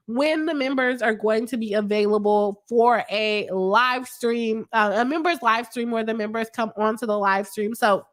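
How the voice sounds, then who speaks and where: A woman, a lawyer chatting her way through a live stream and reading viewer comments aloud. Her voice sits a little high, and she laughs often. A cold leaves her coughing now and then. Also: fairly bright tone.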